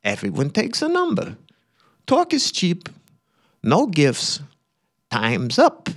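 Picture a bossy, blunt old uncle, barking out his house rules in a raised, brash voice that swings up and down. He sounds controlling and sure of himself, and a man puts him on by pitching his voice well above his own. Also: wildly swooping pitch, slow, exaggerated voice. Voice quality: brash, loud, commanding.

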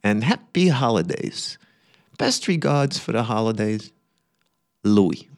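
A man voicing a blunt, controlling older uncle, reading out a letter of commands in a brash, loud voice. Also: fairly low pitch, lively intonation, slow. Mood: bossy.

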